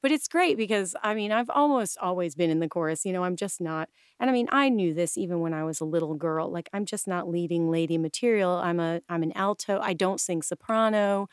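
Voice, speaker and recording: Animated, chatty woman in a dry room. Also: lowish voice, fairly quick, hardly any pauses, clear, resonant tone, dry recording. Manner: animated and chatty, with many restarts; acts out quoted voices. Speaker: guest, improv coach and stylist. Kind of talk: casual interview chat.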